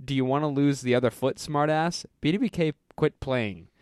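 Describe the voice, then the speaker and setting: A man co-hosting a podcast, reading a listener's story aloud with quick changes of voice for each character and frequent laughter. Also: mid-range voice, darkish tone, dry recording. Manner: reads dialogue with quick voice shifts, breaks into laughter. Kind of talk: casual reading aloud with chat.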